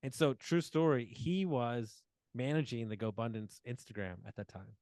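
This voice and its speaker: A man's voice: medium pitch, moderate pace, no room sound. Storytelling man, dry close sound. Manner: animated storyteller acting out quoted dialogue, many fillers. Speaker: podcast guest. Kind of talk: casual storytelling interview.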